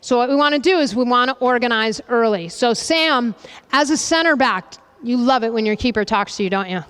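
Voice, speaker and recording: A woman soccer coach leading a goalkeeping demonstration with players, brisk and directive, checking in with a constant "okay?" and loudly calling out commands. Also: a little high, smooth. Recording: reverberant hall, voice from a distance.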